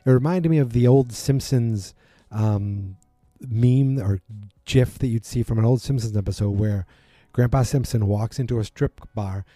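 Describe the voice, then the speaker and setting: With a medium-pitched voice and an unhurried delivery, a man casually recaps a TV episode, rambling and correcting himself while animatedly acting out bits of dialogue. There's no room sound.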